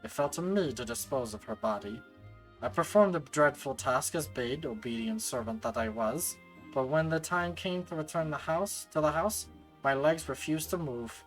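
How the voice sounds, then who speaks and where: A man voicing an elderly, grieving household servant from a game, in a gravelly put-on voice with a Scottish accent, in a low, hushed storytelling tone. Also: moderate pace, faint music behind, close to an everyday voice, low-quality recording. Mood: somber. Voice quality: gravelly gremlin voice. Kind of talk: reading game dialogue aloud.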